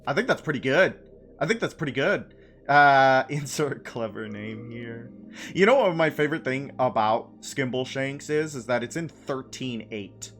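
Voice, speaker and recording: A man live-streams a game, chatting playfully with his chat, laughing and repeating phrases. His mid-range voice is animated and a bit bright, and he speaks a little slowly over soft background music.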